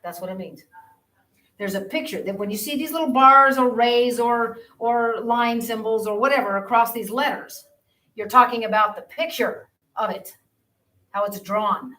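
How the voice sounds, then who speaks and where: A woman's voice: on the high side, moderate pace, pushed and bright. A woman teaching a geometry class, explaining in a conversational, repetitive way. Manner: conversational, repeats herself while explaining. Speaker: math teacher. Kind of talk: classroom lecture. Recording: roomy classroom audio from a distance.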